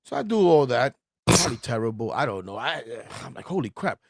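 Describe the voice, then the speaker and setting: A man's voice: mid-range voice, big pitch swings, a little fast, vocal fry, no echo, clean studio sound. A man with a New York accent hosting a sports podcast, chatty and eager. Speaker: podcast host. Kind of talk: casual podcast chat.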